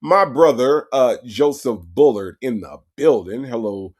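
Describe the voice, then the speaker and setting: A man's voice: medium pitch, unhurried, a little mellow. A man hosting a casual livestream, reading out viewers' names from the chat and greeting each one with repeated hellos. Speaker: livestream host. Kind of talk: casual livestream shout-outs.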